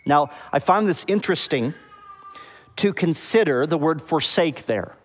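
A pastor preaching a sermon, explaining the meaning of words and often checking with the congregation whether it makes sense. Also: male voice, on the high side, expressive, unhurried, in a large hall. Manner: explains word meanings, asks the congregation "okay?" and "does that make sense?".

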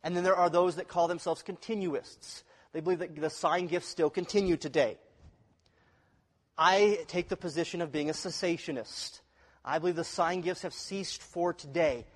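A pastor giving a sermon in a conversational way, asking the congregation questions. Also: male voice, a little high, fairly even intonation, normal speed, long reverb tail.

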